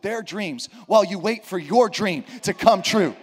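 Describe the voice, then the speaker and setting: High-voiced preacher, swinging loud and soft. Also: male voice, expressive, moderate pace, few pauses, husky. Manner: dramatic storytelling with acted quotes, swings between loud and hushed. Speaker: pastor. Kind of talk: sermon.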